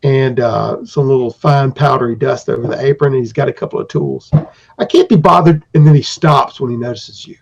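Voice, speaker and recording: A man's voice: mid-range voice, steady tone, fairly quick, creaky, few pauses, darkish tone. A man acting as game master, narrating a tabletop game in a rambling, descriptive way on a dull lo-fi recording.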